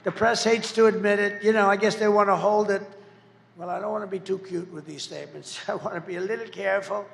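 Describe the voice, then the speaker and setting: Gravelly man giving a rambling rally speech. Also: sits high, steady tone, fast talker, in a large hall. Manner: rambling, mocking and emphatic, breaking into shouts. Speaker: political candidate. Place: large rally venue.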